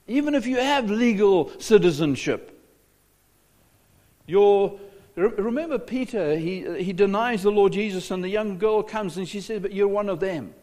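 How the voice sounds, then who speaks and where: A man's voice: high voice, darkish tone, in a large hall. A South African man preaching a sermon as a pastor, asking rhetorical questions and often repeating his words.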